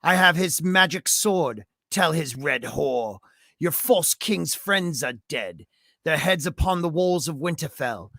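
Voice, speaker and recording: A man's voice: a little high, lively intonation, takes it slowly, creaky, sharp tone, no room sound, studio quality, exaggerated voice. Man putting on a cruel, taunting young lord. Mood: menacing. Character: cruel young male lord writing a threatening letter. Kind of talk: dramatic reading with a put-on accent.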